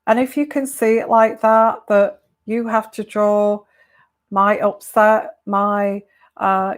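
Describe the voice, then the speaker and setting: Slow, halting woman giving advice. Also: medium pitch. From United Kingdom. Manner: slow, hesitant, with many fillers and restarts. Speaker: tarot reader. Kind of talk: casual advice talk to viewers.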